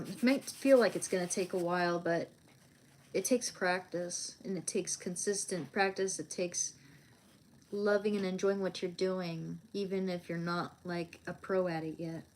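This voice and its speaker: A woman's voice: fairly low pitch, a little mellow, slight background noise. A young woman chatting casually on a live stream while she draws, rambling with many fillers and restarts.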